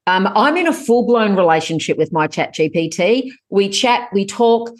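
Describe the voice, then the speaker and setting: A middle-aged woman guest on a casual podcast interview, talking in a chatty, animated way with sudden lifts in pitch. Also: moderate pace. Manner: animated, chatty, jumps up in pitch when excited. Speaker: guest author.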